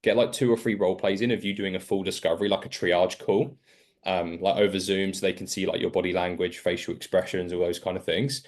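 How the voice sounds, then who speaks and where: Male sales coach, low voice, frank and direct, long-winded explainer. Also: flat delivery, fairly quick. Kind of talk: coaching call advice.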